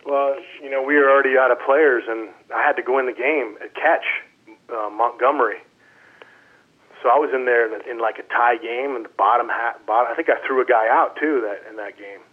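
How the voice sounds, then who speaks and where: A man, a former baseball player, telling animated stories in a casual interview and quoting teammates as he goes. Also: medium pitch, a little fast. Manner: animated anecdotes, quoting others in voices. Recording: phone-line audio.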